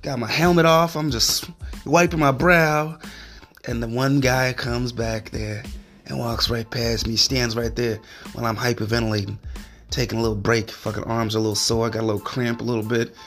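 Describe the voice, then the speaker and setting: A man's voice: mid-range voice, fairly even intonation, moderate pace, fairly bright tone, faint music behind. A man hosting a solo podcast, ranting in a heated, profane, rambling way. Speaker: podcast host.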